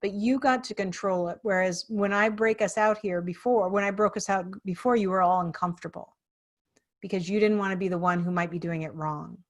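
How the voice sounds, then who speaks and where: A woman hosting a podcast interview, telling a lively story and acting out the people in it. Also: mid-range voice, a little fast. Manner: animated storyteller, acts out quoted people. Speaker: podcast host.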